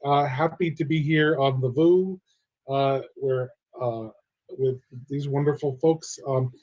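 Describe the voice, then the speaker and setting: A man's voice: medium pitch, steady tone, slow, a little mellow, lo-fi sound. A man minister introducing himself in a friendly, slightly hesitant way. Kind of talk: casual introduction.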